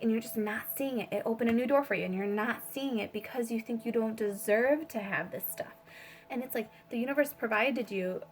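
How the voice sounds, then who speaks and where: A woman giving a casual spiritual tarot reading, rambling with many fillers and swearing freely. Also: on the high side. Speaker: tarot reader.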